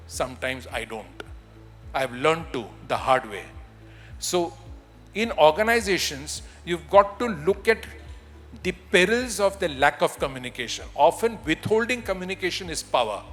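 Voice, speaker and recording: Animated Indian man in a reverberant hall. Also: fairly high pitch. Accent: Indian English. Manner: animated, demonstrative, humorous. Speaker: voice and communication trainer. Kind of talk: conference talk. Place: large event hall. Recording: hall with long reverb, faint music.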